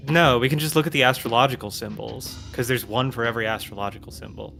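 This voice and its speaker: A man's voice: mid-range voice, vocal fry, pushed and bright, soft background music. A man chatting and joking casually while playing a co-op puzzle game with a friend. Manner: joking, chatty, quick laughs. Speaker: co-op game player. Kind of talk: casual gaming chat.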